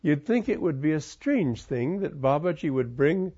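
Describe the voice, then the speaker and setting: A man giving a reflective spiritual talk, telling a personal story in a calm, musing way with wandering sentences. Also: a little high, moderate pace, husky. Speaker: spiritual teacher. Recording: muffled lo-fi recording.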